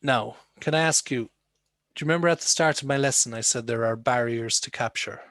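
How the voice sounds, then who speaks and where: A man's voice: mid-range voice, fairly quick, a bit bright, no echo. Guy teaching english on a zoom call, chatty, keeps asking questions, dry sound. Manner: conversational, questioning students. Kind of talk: online lesson. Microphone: video call.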